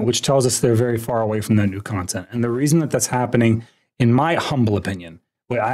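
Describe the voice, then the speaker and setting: A man's voice: medium pitch, darkish tone. A man doing casual live-stream commentary while reacting to a video, laughing often and teasing.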